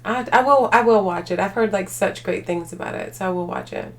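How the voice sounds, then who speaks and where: In a creaky, mid-range voice, a tired woman chats away to her livestream viewers at a fairly quick clip. She rambles, relies heavily on filler words and laughs easily throughout the casual live chat.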